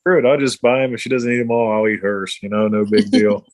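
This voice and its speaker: A middle-aged man, co-hosting a casual chat, blunt and swearing freely as he tells animated stories. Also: fairly low pitch, fast, no echo. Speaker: podcast co-host.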